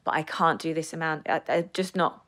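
A woman in her thirties from the United Kingdom, an actress telling career stories with animated energy in a casual studio podcast chat. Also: low voice, a little fast. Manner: animated storyteller, lively laughs. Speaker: actress guest.

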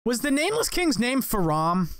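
Excitable high-voiced man yelling at a game. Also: moderate pace, no room sound, studio quality. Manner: excitable, swears and yells at enemies. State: voice cracking. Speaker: gaming channel host. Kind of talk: let's play commentary.

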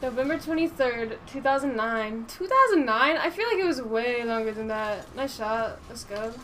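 High-voiced woman streaming a game. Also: expressive, moderate pace, fairly bright tone, slight background noise. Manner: swears freely, reads and answers chat aloud. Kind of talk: casual live-stream gaming chat.

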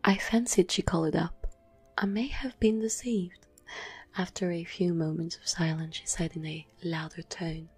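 A woman reading a classic story aloud in a slow, hushed ASMR whisper. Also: fairly low pitch, steady tone. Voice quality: breathy whisper. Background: soft classical music.

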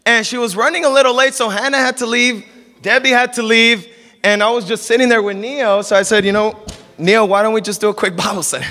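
A man preaches a sermon with an animated delivery, slipping into the voices of the people he quotes. His voice is high and bright. The sound carries a long reverb from a church hall.

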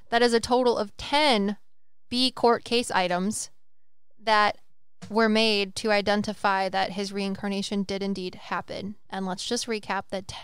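A woman hosting a podcast, excitedly retelling a story in a rambling, casual way. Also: mid-range voice, clean tone, no echo, studio quality. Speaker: podcast host. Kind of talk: casual chat.

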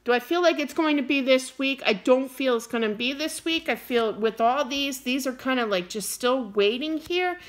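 A middle-aged woman giving a casual tarot reading to camera, animated and quick to get wound up and scold playfully. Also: sits high. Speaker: tarot card reader.

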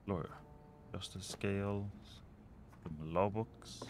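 A man's voice: sits low, fairly even intonation, takes it slowly, slight background noise. A man casually commenting while he plays a management game, often muttering and trailing off as he thinks aloud. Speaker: let's play host.

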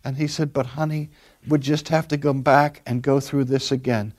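A man's voice: medium pitch, little pitch movement, moderate pace, darkish tone. An older man, a pastor delivering a sermon and telling stories earnestly, stretching out key words for emphasis.

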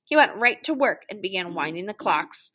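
A woman reading a children's story aloud, animated and playing out the noises. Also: mid-range voice, moderate pace, husky. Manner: animated, sound-effect voices for noises. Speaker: children's book reader.

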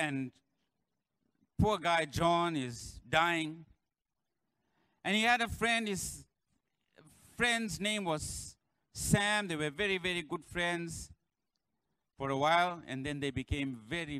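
A pastor preaching a sermon in church, building to shouted refrains and calling on the congregation to answer. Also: male voice, a little high, dry recording, poor audio.

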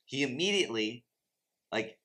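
A man's voice: medium pitch, expressive, normal speed, sharp tone. A man teaching about faith and money in a conversational, impassioned preaching style, full of asides to his viewers. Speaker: Christian finance teacher. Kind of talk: preachy teaching talk to camera.

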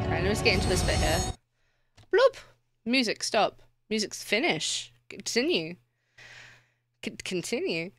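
Woman streamer, casual live chat; distracted, swears a lot, laughs often; slightly high voice, close and dry. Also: pushed and bright, dry recording. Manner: rambling, easily distracted, swears freely.

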